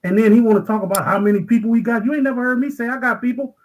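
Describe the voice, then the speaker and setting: A man with a fairly high voice who talks fast and insistently, repeating phrases as he presses his point in a livestream debate. He keeps pushing to be heard. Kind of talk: heated argument.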